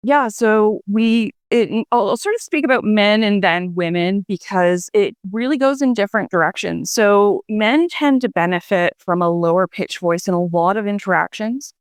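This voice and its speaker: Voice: mid-range voice, animated, normal speed, few pauses, smooth, no room sound, studio quality. A guest explaining voice research in a radio interview, talking it through with fillers and restarts.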